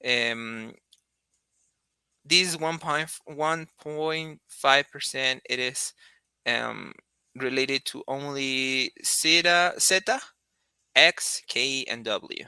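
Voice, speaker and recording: Man, very bright crisp voice, casual lesson. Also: medium pitch, very slow, no room sound. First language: Spanish. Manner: thinks aloud with frequent restarts and fillers. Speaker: Spanish teacher.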